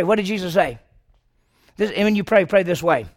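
A man's voice: sits high, quick pace, gravelly, no echo, clean studio sound. A middle-aged male pastor preaching a sermon, asking his congregation questions and answering them himself, acting out quoted voices.

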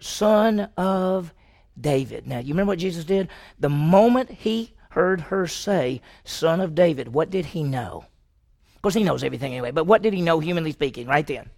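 This pastor's voice is high and gravelly. In his sermon he asks the congregation questions and performs the voices of the story's characters.

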